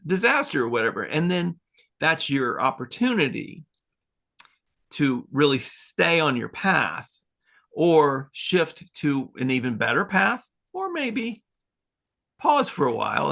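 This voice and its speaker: A man's voice: fairly high pitch, big pitch swings, normal speed, vocal fry, a bit bright. A man hosting a spiritual talk show, telling stories in a loose, rambling way with small chuckles. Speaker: podcast host.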